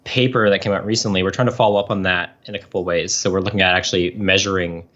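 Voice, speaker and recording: A man in his thirties, a professor, explains his research in relaxed, rambling sentences full of fillers. His voice sits on the low side. The recording sounds dull and lo-fi. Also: fast talker. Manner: chatty, explanatory, with frequent fillers. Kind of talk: casual podcast interview.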